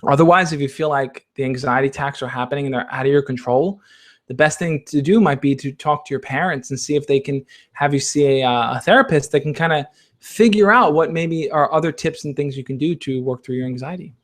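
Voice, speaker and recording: A man's voice: on the high side, brisk. A man hosting a casual question-and-answer stream. He gives advice in an encouraging, coach-like way and keeps checking in with his listeners. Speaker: advice channel host. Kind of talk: casual Q&A livestream.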